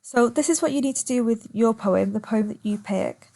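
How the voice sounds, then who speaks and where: A woman teaching a recorded online lesson, calmly explaining step by step and drawing out words to show their stress. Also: fairly high pitch, moderate pace.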